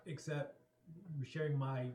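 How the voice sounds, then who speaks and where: A man's voice: medium pitch, little pitch movement, a little slow, darkish tone, slight background noise. A man playing a tabletop game, chatty and joking, with hesitant restarts. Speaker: player. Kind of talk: casual tabletop play. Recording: echoey room.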